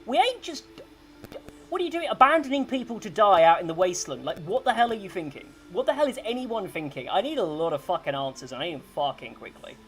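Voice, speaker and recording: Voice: medium pitch, sing-song, fast talker, lightly acted. A game master doing a furious, foul-mouthed commander. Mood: angry. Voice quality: coarse, swearing. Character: gruff blunt male commander, furious.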